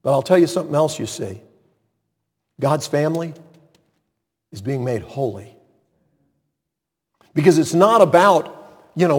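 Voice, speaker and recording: An older male pastor delivers a chatty sermon in a notably high voice. He slips into quiet mutters to mimic doubters, and his words ring out with a long hall reverb. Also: expressive, unhurried, long pauses, husky. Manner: conversational preaching, mimics doubters in a muttering aside.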